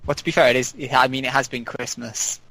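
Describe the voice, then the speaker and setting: A man's voice: mid-range voice, flat delivery, fast, gravelly, sharp tone, no room sound, rough recording. A man chatting casually on a gaming podcast, wry and ribbing the others. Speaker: podcast regular.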